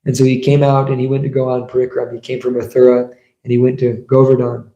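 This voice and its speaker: Gravelly-voiced man giving a temple sermon. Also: medium pitch, monotone, quick pace, mellow, muffled recording. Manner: storytelling, asks the audience rhetorical questions. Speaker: speaker giving a scripture class. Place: temple hall. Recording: echoey room.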